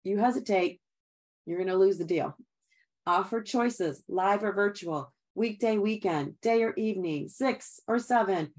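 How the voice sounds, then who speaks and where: A woman's voice: mid-range voice, unhurried, a little mellow. A middle-aged woman giving an upbeat sales training talk, chatty and encouraging, often laughing and calling her listeners guys.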